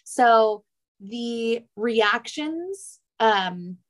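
A young woman hosting a podcast interview, talking in a chatty, rambling way and jumping up high when she quotes others. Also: drawn-out words. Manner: animated, rambling, jumps high for quoted voices. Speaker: podcast host. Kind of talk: casual interview chat.

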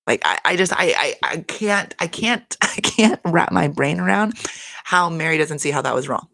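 A woman's voice: low-pitched, expressive, normal speed, vocal fry, a bit bright, no echo, clean studio sound. A woman giving a casual, chatty recap of a reality show, swearing freely and laughing between points.

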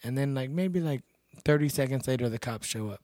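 A man's voice: medium pitch, brisk, warm tone, dry recording, clean studio sound. Blunt, laid-back man from Texas. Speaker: podcast guest, bouncer and MMA fighter. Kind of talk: casual storytelling chat.

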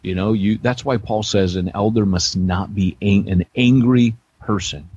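A middle-aged man co-hosting a casual podcast, his voice low and husky. He tells rambling, self-deprecating stories full of restarts and asides. The audio is dull and lo-fi. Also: a little slow, a little mellow. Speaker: podcast co-host, church planter.

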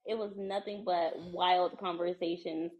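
A woman's voice: fairly low pitch, unhurried, dull audio. A woman from the United States, a podcast guest, telling a story in casual chat and acting out the dialogue. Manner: animated, acts out dialogue.

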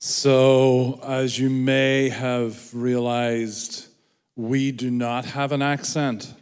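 A man's voice: medium pitch, little pitch movement, drawn-out words, a little mellow, clean tone. A man with an Irish accent preaching a sermon in a church, joking with the congregation about himself. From Ireland. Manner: self-deprecating, joking with congregation. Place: church hall. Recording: reverberant church hall.

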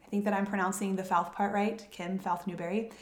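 A woman's voice: medium pitch, level tone, fairly quick. A woman with a Southern US accent hosting a podcast, telling a story in a chatty, giggly way and stumbling over names. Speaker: podcast host. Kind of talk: casual storytelling chat. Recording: echoey room.

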